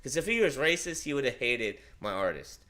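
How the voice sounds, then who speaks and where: A man with a bright, forward voice tells a rambling personal story on a livestream. He talks casually and animatedly, swearing along the way. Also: medium pitch, very animated, a little fast. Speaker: livestream host.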